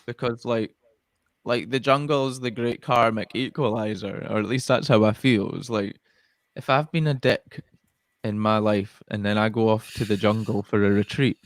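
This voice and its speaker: A man's voice: on the low side, fairly even intonation, normal speed, dry recording. Podcast host guy, jokey, swears a lot, laughs easy, dry room. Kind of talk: casual chat.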